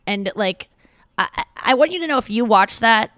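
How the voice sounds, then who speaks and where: A woman's voice: a little high, lively intonation, fairly quick, a bit bright, no room sound, clean studio sound. A woman co-hosting a podcast in casual chat, talking in a chatty, rambling, gushing way. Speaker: podcast co-host.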